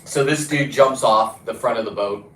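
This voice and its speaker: A man's voice: medium pitch, moderate pace, slight background noise. A man talking in a casual, rambling monologue about diving and fishing, blunt and profane, often restarting his sentences. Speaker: diver and fishing vlogger. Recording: roomy echo.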